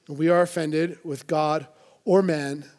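A man's voice: a little high, steady tone, a little slow, a little mellow. A man preaching a sermon to a church congregation, earnest and conversational, with playful asides. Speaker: pastor.

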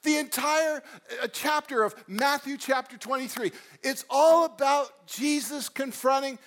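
A man preaching a sermon with a fairly high voice. His delivery is animated, rising to loud emphatic lines and dropping into hushed storytelling. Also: measured pace. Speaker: pastor.

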